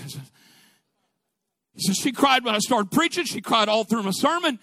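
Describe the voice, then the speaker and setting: A man preaching a sermon, moving from quiet storytelling to shouted exhortation. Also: very high voice, expressive, a little fast, dry recording. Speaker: pastor.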